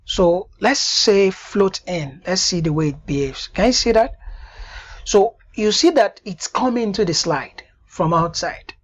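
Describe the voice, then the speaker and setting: A woman giving a screen-recorded software tutorial, stopping often to check that the viewer understands. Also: mid-range voice, measured pace, highs cut off. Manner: repeatedly checks "do you understand that now?".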